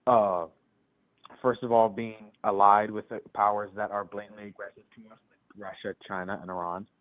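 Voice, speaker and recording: A man with a low, deep voice calls in over a thin, tinny phone line. He speaks hesitantly, stalls and restarts while he argues his side. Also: level tone, moderate pace. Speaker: caller.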